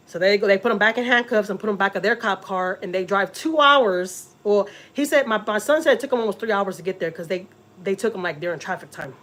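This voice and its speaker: A woman's voice: medium pitch, fast talker, a bit bright. A middle-aged woman from Texas, telling a story in a casual, emotional way to her vlog viewers and repeating words as she goes. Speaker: family vlogger.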